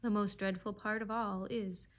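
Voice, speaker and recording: A woman's voice: mid-range voice, little pitch movement, moderate pace, close to an everyday voice. A woman reading as a grave old stag. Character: wise old male stag, grave and solemn.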